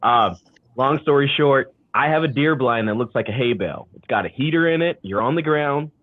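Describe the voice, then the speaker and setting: A man's voice: medium pitch, fairly quick, dry recording. A man hosting a casual talk show, bantering playfully over a video call. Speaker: host. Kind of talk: casual chat. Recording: dry, tinny call audio.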